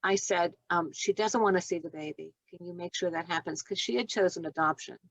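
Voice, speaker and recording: A woman's voice: on the low side, a little fast, dry recording, dull audio. A woman in her sixties, a nurse and doula, telling stories in a podcast interview, acting out the dialogue and laughing often. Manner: animated storyteller who acts out dialogue and laughs often.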